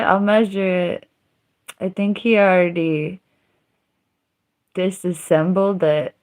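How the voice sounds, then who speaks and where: A woman's voice: lowish voice, steady tone, slow pace, long pauses, darkish tone. A young woman chatting casually on her livestream, rambling, giggling and trailing off.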